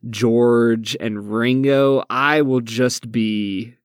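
Male podcast co-host, mid-pitched, loose and jokey, dry close recording. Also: fairly even intonation, extremely slow, clean tone, no room sound. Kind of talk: casual podcast chat.

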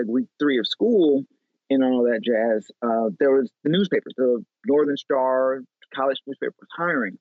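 A man from Chicago in his thirties, a photographer telling animated stories with lots of fillers in a casual interview. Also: medium pitch, dry recording. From Chicago, USA. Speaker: photographer guest. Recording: tinny phone-like line, dry.

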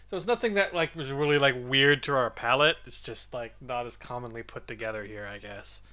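A man's voice: mid-range voice, fairly quick, pushed and bright. A man co-hosting a casual podcast chat, easygoing and joking, laughing often. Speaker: podcast co-host.

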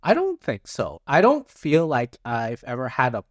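A man's voice: medium pitch, wildly swooping pitch, normal speed, no room sound, clean studio sound. A man co-hosting a casual podcast chat, rambling with many fillers and frequent chuckles. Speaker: podcast co-host.

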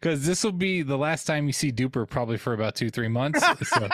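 A man's voice: mid-range voice, expressive, a little fast, no echo, clean studio sound. A man co-hosting a podcast, chatting casually, sarcastic and swearing freely. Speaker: podcast co-host. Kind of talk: casual chat.

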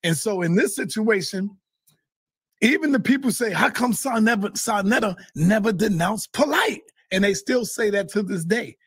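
A man telling a heated, profane story in casual talk, often shouting. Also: sits high, expressive, moderate pace, husky, no room sound, studio quality. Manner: swears a lot, heated. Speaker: guest. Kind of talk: animated storytelling.

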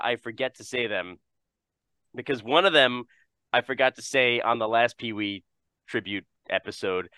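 A man hosting a podcast, talking in an animated, laugh-filled way and swearing casually. His voice is bright and forward, with a dry, close sound and no room echo. His pitch sits in a middle range for a man. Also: clear, resonant tone. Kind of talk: casual chat.

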